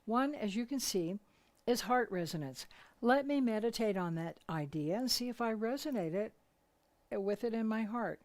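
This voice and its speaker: An older woman giving a gentle, unhurried talk as a spiritual teacher, telling anecdotes and acting out the voices of people she quotes. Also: a little high, animated.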